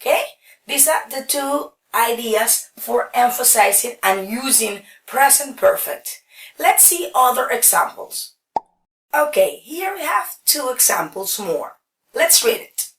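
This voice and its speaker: A woman's voice: on the high side, sing-song, fairly bright tone. A woman teaching an English grammar lesson, explaining step by step and checking in often with "okay". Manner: slow, explaining step by step with frequent okays. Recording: roomy echo, distant from mic.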